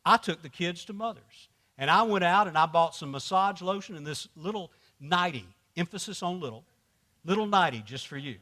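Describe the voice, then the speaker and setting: A man's voice: sits high, lively intonation, moderate pace, pushed and bright. A man voicing an affectionate wife who speaks sweetly and coaxingly. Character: sweet-talking adult wife, affectionate woman.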